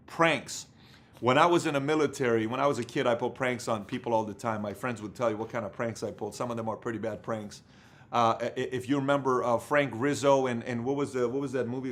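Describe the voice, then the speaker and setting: Animated storytelling businessman. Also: medium pitch. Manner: animated, rambling storytelling with many fillers. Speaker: company leader giving business advice. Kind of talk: motivational business talk.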